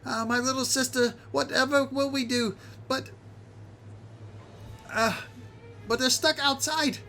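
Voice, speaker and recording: A man plays a small, excitable goblin girl who tumbles over her own words. Her voice sits high, breathless and babbling, never finishing one thought before the next starts. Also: a little slow, faint music behind, exaggerated voice. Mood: frantic.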